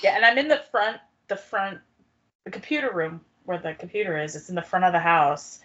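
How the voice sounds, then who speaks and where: A woman's voice: on the low side, fairly quick, fairly bright tone. A woman co-hosting a podcast in casual chat, rambling with many fillers. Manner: rambling, lots of fillers and restarts. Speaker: podcast co-host. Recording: dull lo-fi sound.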